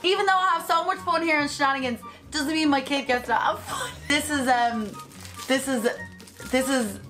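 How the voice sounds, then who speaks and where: A woman's voice: high-pitched, normal speed, pushed and bright, soft background music. An Irish woman vlogging in a casual, chatty way, often giggling, tripping over her words and correcting herself. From Ireland. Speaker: YouTube vlogger.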